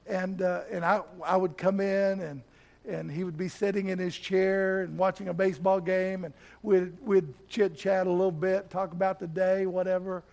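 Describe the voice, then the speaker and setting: A middle-aged pastor in church tells a personal story during his sermon, often repeating words and turning soft and slow at tender moments. His gravelly voice sits high, and his tone stays level.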